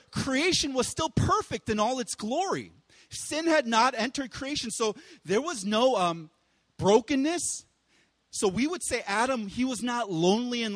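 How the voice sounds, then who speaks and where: Young male pastor, high voice, casual animated sermon delivery; long hall reverb. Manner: casual, animated, with playful voices and bursts of loud exclaiming.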